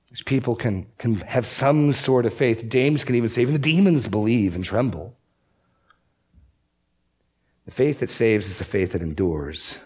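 A man's voice: medium pitch, slightly rough. A man preaching as a pastor, emphatic and repeating key phrases for stress. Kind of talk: sermon.

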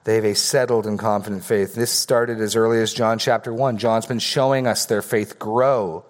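A man's voice: fairly low pitch, steady tone, normal speed. A man preaching an expository sermon as pastor, earnest and given to repeating words for emphasis.

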